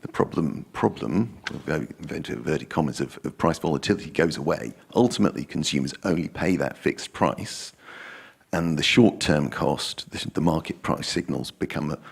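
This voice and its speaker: A man's voice: a bass voice, creaky, husky. A man in the audience asking a long technical question, a bit rambling.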